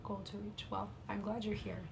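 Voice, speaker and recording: A woman reading a classic novel aloud on a livestream at a quick pace, with soft, apologetic asides to her viewers. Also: medium pitch, flat delivery, vocal fry, noisy background. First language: English. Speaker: livestream reader.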